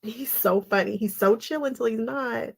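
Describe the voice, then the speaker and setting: Slightly high-pitched with noticeable vocal fry, she talks at a normal speed. At home in her sewing space, this quilting channel host runs a live stream, cutting fabric, chatting loosely, laughing a lot, and wandering into side topics.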